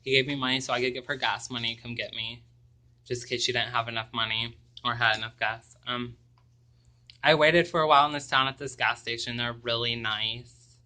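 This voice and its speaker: A young man telling a personal story to camera, halting and hesitant, with many pauses and ums. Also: medium pitch, steady tone, bright, forceful tone. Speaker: vlogger.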